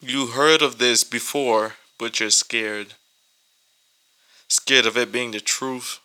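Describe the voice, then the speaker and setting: A man's voice: mid-range voice, steady tone, slow, pushed and bright, poor audio. A man reading scripture and preaching in an informal online sermon, emotional and near tears, repeating words and calling listeners "guys.".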